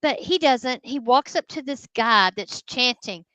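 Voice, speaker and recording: A woman, a guest ghost hunter telling a story in casual, animated talk. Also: high voice, unhurried, no echo, low-quality recording. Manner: animated, addresses listeners as y'all.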